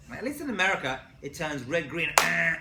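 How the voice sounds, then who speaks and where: Lively male rabbi lecturer, bright voice, echoey college room, jokes with the class. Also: on the high side, very noisy. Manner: jokey, asks the class questions. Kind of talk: animated lecture with stories.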